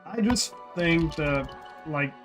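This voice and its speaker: A man chats with his stream viewers, his voice a little higher than most. He wanders through his thoughts with hesitant restarts and filler words. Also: expressive, takes it slowly, over music. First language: French. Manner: rambling, hesitant, many restarts. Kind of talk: casual live-stream chat, answering viewers.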